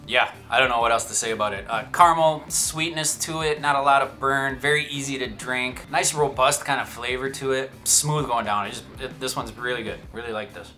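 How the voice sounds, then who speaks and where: A man talks through a whiskey tasting in a relaxed, chatty way, with a bright, forceful voice. He tosses in jokey asides as he goes, and faint music plays behind him. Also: medium pitch, brisk, hardly any pauses. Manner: chatty, self-amused, joking asides. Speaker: whiskey reviewer. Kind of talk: casual tasting review. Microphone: shotgun microphone.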